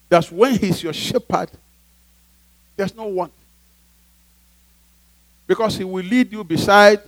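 A man's voice: high-pitched, no room sound, rough recording. A male pastor preaching a sermon emphatically, often asking the congregation to fill in a word.

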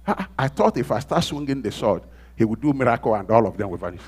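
A man preaching a sermon, dramatically acting out quoted voices and swinging from loud exclamations to hushed asides. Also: mid-range voice, sing-song, quick pace, slightly rough.

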